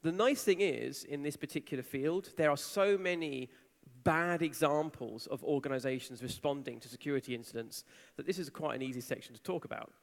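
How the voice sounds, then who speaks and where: At a large conference hall, a man gives a talk, animatedly telling a story and acting out the people he quotes. His fairly high voice is a little fast and creaky, and the recording is reverberant.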